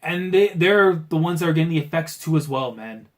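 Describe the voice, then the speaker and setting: Excitable slangy man reacting live. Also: a little high, fairly quick. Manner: excitable, swings from muttering to shouting; casual slangy talk, keeps saying bro. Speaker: manga reaction channel host.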